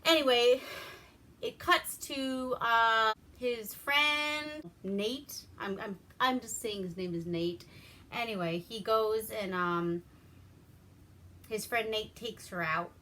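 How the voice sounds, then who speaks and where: A woman's voice: fairly high pitch, slow pace, pushed and bright. A woman from Alaska giving a rambling, profane, wry movie review in casual chat.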